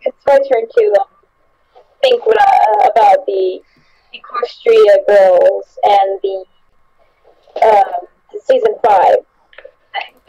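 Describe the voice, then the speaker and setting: A woman chatting casually on a group podcast, hesitant and giggly, with many pauses and ums. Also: medium pitch, animated, dark tone, breathy edge, no echo, dull audio. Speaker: podcast guest.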